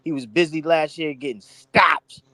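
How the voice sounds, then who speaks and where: A man's voice: fairly high pitch, normal speed, sharp tone, no room sound. Man cracking wry jokes on a panel. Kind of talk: casual panel talk.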